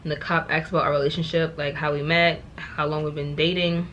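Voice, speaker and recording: Animated young New woman telling a story. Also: low voice, a little fast, highs cut off, slight background noise. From New York. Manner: animated, exasperated, repeats words for emphasis. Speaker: vlogger. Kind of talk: casual storytime.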